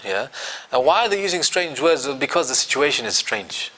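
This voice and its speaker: A man's voice: mid-range voice, very animated, moderate pace, bright, forceful tone. A man teaching a Quran commentary class, quizzing his students and acting out quotes.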